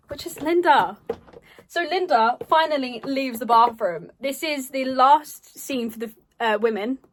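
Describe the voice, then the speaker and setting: A woman's voice: fairly high pitch, slight background noise. A young woman, a drama student, casually presenting her project in a chatty way with playful asides and frequent ums.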